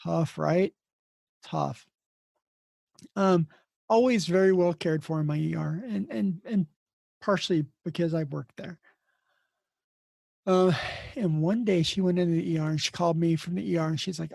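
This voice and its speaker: A man's voice: on the high side, moderate pace, vocal fry, pauses often, a little mellow, no echo. A middle-aged man, an emergency nurse, telling blunt, rambling stories in a casual interview and acting out the people in them. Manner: rambling anecdotes acted out with quoted dialogue, blunt. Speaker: emergency nurse and podcast host, here the guest.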